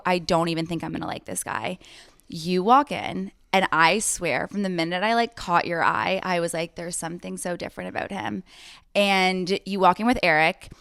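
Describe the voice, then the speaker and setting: Chatty woman host, smooth low voice. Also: a bit bright, no echo, studio quality. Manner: effusive, storytelling, quick asides with "like". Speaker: podcast host. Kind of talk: casual podcast conversation.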